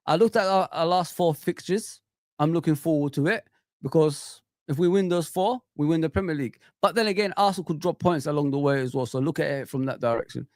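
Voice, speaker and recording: Casting note: male fan-channel host, slightly higher voice, rambling and animated with constant fillers, close dry sound. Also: brisk, no echo. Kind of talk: casual live reaction chat.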